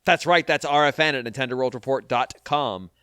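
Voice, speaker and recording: A man's voice: medium pitch, a little fast, fairly bright tone, smooth, no echo. A man hosting a podcast, chatting casually in a jokey, self-deprecating way with rambling asides, then reading a listener email aloud into a studio microphone. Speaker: podcast host.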